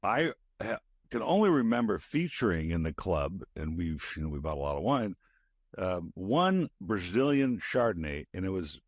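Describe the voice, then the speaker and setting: An older man hosting a podcast from a studio, rambling chattily with fillers and trailing into lower murmurs. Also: big pitch swings, moderate pace, no room sound. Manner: rambling with fillers, drops to a low mutter. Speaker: podcast host. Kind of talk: casual interview chat.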